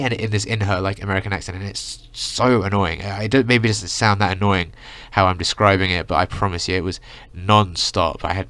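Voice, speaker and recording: A man's voice: sits low, steady tone, a little fast, hardly any pauses, a bit bright, no room sound. A young man ranting through a casual storytime, rambling with lots of filler words. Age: young adult. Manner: rambling, full of "like" and "you know". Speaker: vlogger.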